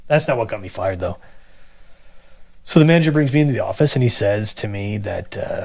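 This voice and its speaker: A man casually telling a long personal story, animated and acting out the people he quotes. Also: lowish voice, normal speed, vocal fry, pauses often. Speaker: guest telling his story.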